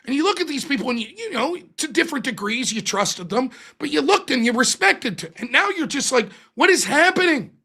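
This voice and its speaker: A man hosting a live-streamed political commentary show, ranting in an exasperated, animated and profane way. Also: very high voice, brisk, creaky, few pauses, slightly rough. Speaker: livestream political commentary host.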